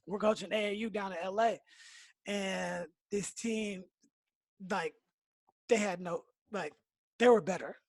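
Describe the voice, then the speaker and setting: A relaxed man hosting a podcast, telling a story in casual conversation. His phrasing is unhurried and drawn out, and his voice sounds close and dry, with no room echo. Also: high-pitched. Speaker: podcast host. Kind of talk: casual interview chat.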